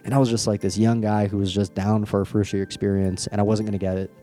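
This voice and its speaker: Deep-voiced young man telling his story. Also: fast talker, faint music behind. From Canada. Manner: candid, laughs often, repeats words when excited. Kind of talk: casual personal storytelling.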